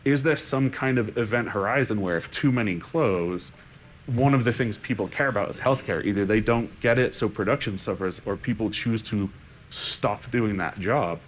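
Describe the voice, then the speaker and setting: A man's voice: on the low side, normal speed, slight background noise. A man speaking on a conference panel, thinking aloud with restarts and frequent "right?" tags. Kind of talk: unscripted panel discussion.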